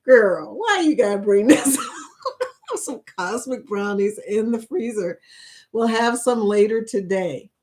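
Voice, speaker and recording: A middle-aged woman with a drawl hosts a relaxed livestream chat and reads out what viewers write. She talks at an unhurried, slow pace and keeps dissolving into giggles between phrases. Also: mid-range voice. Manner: giggly, keeps breaking into laughter; reads viewer comments aloud. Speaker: host of a creator chat stream.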